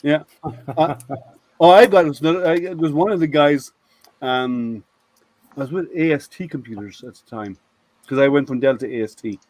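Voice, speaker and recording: This man, a product manager in IT at a software firm, shares meandering office stories in a casual group video hangout, with many restarts. His voice is slightly high and a little mellow, at normal speed with frequent pauses, in a dry recording.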